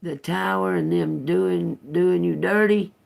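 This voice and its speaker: A woman's voice: on the low side, steady tone, a little slow, vocal fry, darkish tone. A woman doing a casual tarot reading, swearing, laughing often and talking to viewers as y'all. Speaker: tarot reader. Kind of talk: casual live tarot reading, reacting to chat.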